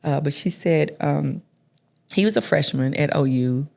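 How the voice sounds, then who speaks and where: Middle-aged woman, kinda gravelly, soft reflective storyteller, lots of restarts. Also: low voice, measured pace. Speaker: interview guest. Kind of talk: conversational storytelling.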